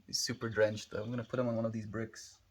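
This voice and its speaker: A man's voice: fairly low pitch, flat delivery, quick pace, husky. A man with a South African accent chatting on a livestream, musing and rambling as he thinks aloud, with hums between thoughts. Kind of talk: casual livestream chat.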